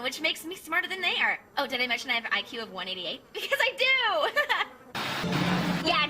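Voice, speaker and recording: A woman's voice: high-pitched, pushed and bright, slight background noise, full character voice. An actress voicing a manic, hyperactive teenage girl contestant in a cartoon, giggling and jumping wildly around in her delivery. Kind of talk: cartoon voice acting.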